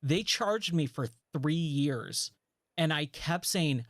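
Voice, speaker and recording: A man's voice: fairly high pitch, takes it slowly, dry recording, clean studio sound. A man in his thirties chatting casually while gaming, rambling through a story with lots of fillers. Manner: rambling, relaxed, lots of "like" and "you know". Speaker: gaming streamer.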